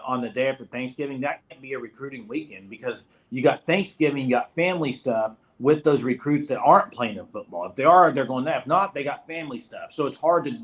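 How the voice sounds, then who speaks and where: Emphatic man hyping football recruiting. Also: mid-range voice. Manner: emphatic, directive. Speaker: co-host of a college football recruiting show. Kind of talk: casual sports chat.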